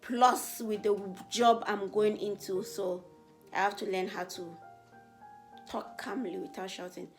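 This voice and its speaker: A young woman from Africa answers viewer questions in a relaxed, chatty way. She is earnest, and when something excites her, her voice climbs higher and louder. Faint music plays quietly behind her. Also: unhurried. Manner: animated, voice rises when excited. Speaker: beauty vlogger. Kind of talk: casual get-to-know-me Q&A.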